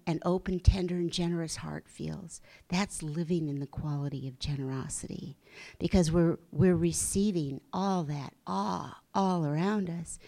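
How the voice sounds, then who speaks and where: A woman with a somewhat low-pitched voice delivers an inspirational talk. She speaks gently and earnestly. For emphasis she often sinks to a soft whisper. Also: gravelly. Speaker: spiritual speaker.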